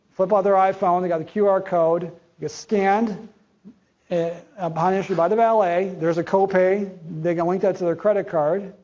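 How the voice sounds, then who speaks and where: A man's voice: sits high, a little mellow. A middle-aged man giving a conversational conference presentation. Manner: conversational, acts out quoted dialogue. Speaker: conference speaker. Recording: dull lo-fi audio.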